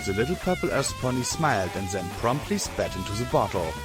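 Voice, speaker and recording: Low-voiced male audiobook narrator. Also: sing-song, fairly quick. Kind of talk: scripted narration. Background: background music.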